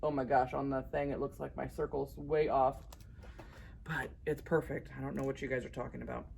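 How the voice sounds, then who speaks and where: A woman's voice: rumbling low, level tone, brisk, vocal fry, darkish tone, slight background noise. Chatty upbeat woman teaching drawing. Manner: chatty, upbeat, laughs at herself. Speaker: art instructor. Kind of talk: casual drawing tutorial.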